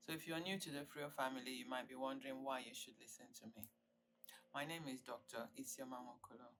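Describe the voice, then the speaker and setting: A woman's voice: very deep voice, steady tone, fast talker, a bit bright, a little hiss or hum, rough recording. An older woman, a psychiatrist, presents an online stress workshop in an earnest, emphatic and reassuring way. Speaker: psychiatrist leading a wellbeing workshop.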